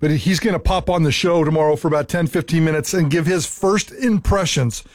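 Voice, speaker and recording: A man's voice: a little high, fairly quick, dry recording. A man co-hosting a sports radio show, casually plugging upcoming segments. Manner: upbeat, promoting upcoming segments.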